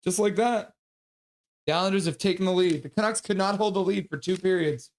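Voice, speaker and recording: Guy doing casual live hockey play-by-play on stream, kinda high voice, jokey and chatty. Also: a little fast. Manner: chatty, jokey, reacts to chat between calls.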